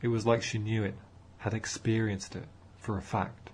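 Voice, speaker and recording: A man narrating an audiobook in a measured storytelling manner. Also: on the low side, level tone, darkish tone, slight background noise.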